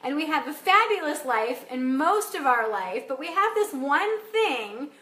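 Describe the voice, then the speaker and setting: A woman coach speaks to her live viewers in a loose, chatty way, laughing often and swearing without fuss. Her voice sits high. The room gives it a noticeable echo. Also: sing-song, measured pace, fairly bright tone. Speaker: life coach. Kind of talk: casual live video talk. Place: home in Wisconsin.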